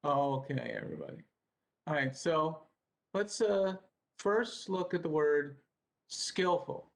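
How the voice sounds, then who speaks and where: Male teacher on a video call, patient with kids, spells words out, talks slowly. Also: a little high, animated, vocal fry, a bit bright. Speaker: teacher leading children's devotional. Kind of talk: online lesson with children.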